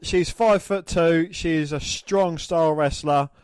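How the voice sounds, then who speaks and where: A man's voice: a little high, a little slow, darkish tone, clear, resonant tone, no echo. Crude, jokey man on a wrestling podcast. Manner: crude, jokey, swears freely. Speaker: podcast co-host. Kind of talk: casual wrestling watch-along commentary.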